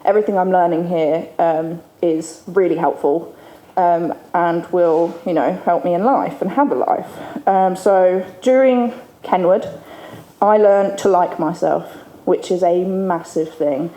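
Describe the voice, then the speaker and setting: A woman's voice: fairly low pitch, unhurried, warm tone. Candid woman in an echoey hall. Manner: candid and chatty, laughing often. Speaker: former resident giving a recovery testimony. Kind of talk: personal testimony speech to an audience. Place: event hall with an audience. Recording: echoey hall, faint room ambience.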